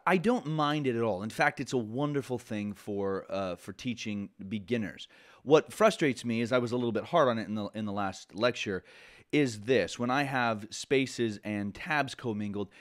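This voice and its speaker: A man teaching a programming lesson in a conversational way, often restarting sentences and adding asides. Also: mid-range voice. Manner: conversational, self-correcting, with frequent asides. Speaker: programming instructor. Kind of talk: casual lecture.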